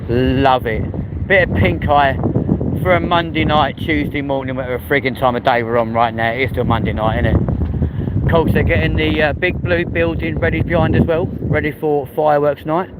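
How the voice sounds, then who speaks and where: A man's voice: fairly high pitch, fairly even intonation, a little fast. A man chatting casually on a live stream, cheeky and talkative, walking outdoors through a city at night on a handheld phone. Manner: chatty, cheeky, banters with passers-by. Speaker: vlogger. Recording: city street noise.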